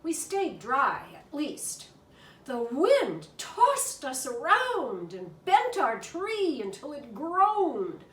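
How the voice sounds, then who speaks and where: Slow, expressive woman reading a storybook. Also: high voice, distant mic. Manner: expressive, animated. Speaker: reader. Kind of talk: children's storybook narration. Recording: echoey room from afar.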